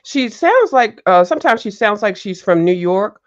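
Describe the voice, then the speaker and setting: A woman's voice: mid-range voice, big pitch swings, normal speed, dull audio. A woman panelist in casual chat, gossiping animatedly and cutting in.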